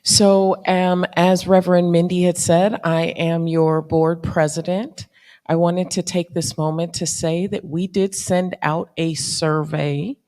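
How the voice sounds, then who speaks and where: A woman's voice: on the low side, little pitch movement, slow, darkish tone. A woman board president making informal announcements in a church. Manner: plain, informal, with fillers. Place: church sanctuary. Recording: long church reverb.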